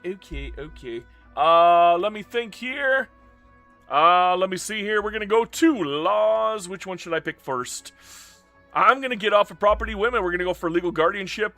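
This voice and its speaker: Hoarse, tired man streaming live. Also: high-pitched, bright, forceful tone. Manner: chatty, greets chat by name. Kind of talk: live gameplay commentary.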